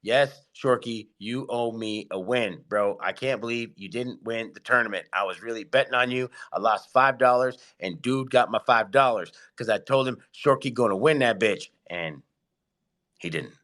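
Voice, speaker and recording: A man hosting a casual live audio chat, hyped and excitable, giving slangy shout-outs to his listeners. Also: mid-range voice, moderate pace. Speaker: host of an online audio space.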